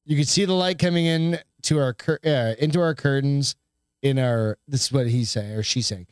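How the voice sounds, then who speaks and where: A man's voice: medium pitch, normal speed, clean tone, no room sound, studio quality. A man co-hosting a casual podcast, swearing freely and stumbling as he reads a news story aloud. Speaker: podcast co-host. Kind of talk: casual chat.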